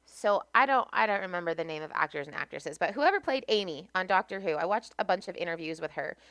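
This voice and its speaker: A woman with an American accent tells stories in an animated, easy way. Her voice is low for a woman, but bright and crisp, and the recording is dry and close. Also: quick pace, dry recording. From United States. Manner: animated, laughs often while telling stories. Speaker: podcast guest. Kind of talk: casual storytelling.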